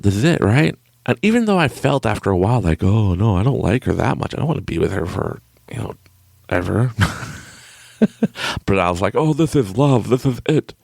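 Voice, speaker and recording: A man's voice: on the low side, creaky, dry recording. A young man hosting a podcast, telling a personal story in a casual way and laughing often at himself. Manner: laughs often, animated and self-mocking. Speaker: podcast host.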